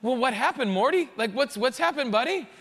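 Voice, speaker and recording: Man doing a capable queen, casual modern talk, bright high voice, long hall reverb. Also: lively intonation, a little fast, exaggerated voice. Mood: curious. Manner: chatty, offhand modern talk. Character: queen settling a squabble, calm and capable.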